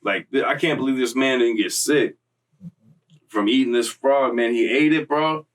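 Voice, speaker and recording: A young man casually tells a story at a moderate pace in streetwise slang, full of profanity and loose asides, his voice at a middle pitch. The low-quality recording picks him up from a distant mic.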